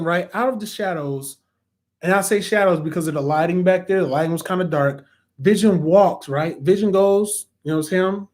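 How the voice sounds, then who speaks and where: A young man hosting a casual spoiler review of a TV episode, excitable and animated, often acting out reactions. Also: sits high. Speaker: reviewer and host.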